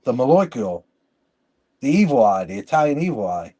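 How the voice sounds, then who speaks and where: A man co-hosting a podcast, chatting in a loose, rambling way. He tells stories and keeps restarting his sentences mid-thought. His pitch sits right in the middle of the range. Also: big pitch swings, normal speed, dark tone, slightly rough. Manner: rambling, storytelling, frequent restarts. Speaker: podcast co-host. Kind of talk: casual chat.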